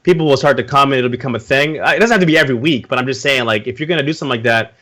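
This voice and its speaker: Fast-talking laid-back man. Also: mid-range voice, sharp tone. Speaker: podcast co-host. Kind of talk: casual chat.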